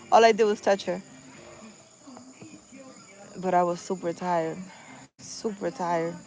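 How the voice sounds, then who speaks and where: A young woman who works as a spiritual healer tells a story in casual late-night chat, her low voice gravelly and the recording rough. She repeats phrases and acts out the voices of the people in her tale.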